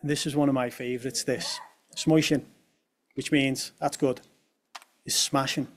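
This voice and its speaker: A young man presents a talk to a room of listeners. His voice sits at an ordinary middle pitch, and he keeps things light with humorous asides. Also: level tone, a little slow, slight background noise. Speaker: speaker at a talk on language.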